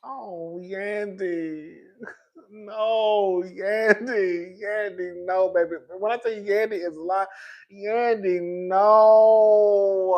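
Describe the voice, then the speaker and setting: Gossipy man, animated commentary. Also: high-pitched, very slow. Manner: animated and gossipy, laughing between lines, calls his viewers "girl". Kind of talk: reaction commentary.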